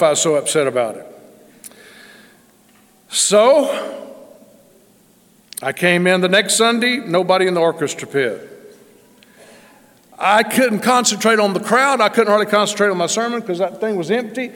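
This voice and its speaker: A man preaching a storytelling sermon, his voice sitting a little high for a man. He swings from emphatic declarations to quiet, confiding asides. The sound rings with a long church-hall reverb. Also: animated, moderate pace, long pauses. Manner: dramatic, swings from loud emphasis to hushed asides. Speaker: pastor.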